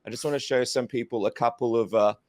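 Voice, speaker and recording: Aussie guy hosting a podcast, middle pitch, joking around, casual banter. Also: fairly even intonation, fast, darkish tone. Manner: jokey, banter-heavy. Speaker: podcast host. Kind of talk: casual chat.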